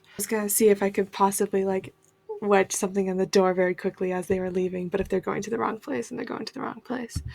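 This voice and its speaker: Gravelly-voiced woman player. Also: mid-range voice. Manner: thinks aloud, plans carefully. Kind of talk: playing a tabletop game.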